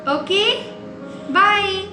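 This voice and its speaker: A woman's voice: very high voice, very slow, music in the background. A woman teaching a nursery class, talking patiently and coaxingly in a sing-song way to small children. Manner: patient, coaxing, repeats simple instructions. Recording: echoey room.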